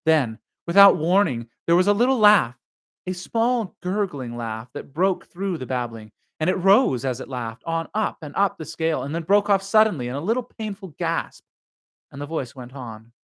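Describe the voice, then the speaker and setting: A man hosts a live novel reading, narrating in a measured, steady way before drifting into casual, musing asides about the story. His voice is a little high, expressive, and fairly bright.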